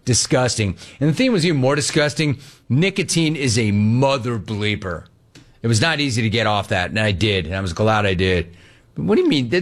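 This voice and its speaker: Animated older man ranting on radio. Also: medium pitch. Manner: animated rant with mocking voices. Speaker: sports radio host. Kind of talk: call-in radio talk.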